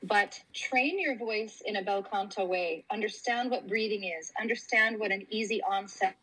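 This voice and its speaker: A woman opera singer talking in a casual interview, animated, with many fillers and restarts and frequent laughter. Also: mid-range voice, normal speed, husky, rough recording.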